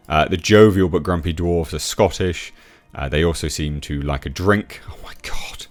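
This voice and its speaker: Very deep-voiced scoffing man. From England. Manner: scoffing, laughs at what he reads, many restarts. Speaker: YouTube reviewer. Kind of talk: opinionated commentary reading and reacting to an article.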